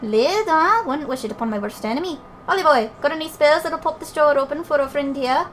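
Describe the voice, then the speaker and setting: A woman's voice: high voice, fairly quick, a little hiss or hum, pitched above the performer's own voice, close to an everyday voice. A woman doing Drippy, a cheeky Welsh fairy. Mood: chummy. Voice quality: bouncy sing-song lilt, slangy. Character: cheeky male fairy sidekick, chatty and boastful.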